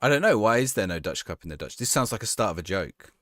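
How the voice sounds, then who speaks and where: Lively, chatty man streaming a game. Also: fairly low pitch, quick pace, dry recording, studio quality. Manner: reads viewer questions aloud and answers offhand, often restarting sentences. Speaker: game streamer answering live chat. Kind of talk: casual chat.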